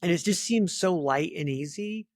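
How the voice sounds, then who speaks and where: A middle-aged man talking as a guest in a casual interview, chatty and animated, full of filler words. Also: sits high, normal speed, no room sound, clean studio sound. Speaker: talent acquisition leader, guest.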